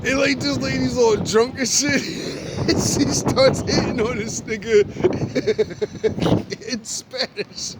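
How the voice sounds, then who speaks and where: A man's voice: very high voice, fairly even intonation, slow pace. Young man rambling, laughing, swearing. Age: young adult. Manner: laughs often, swears freely, drifts off topic. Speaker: vlogger. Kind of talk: rambling storytelling monologue. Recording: noisy street background.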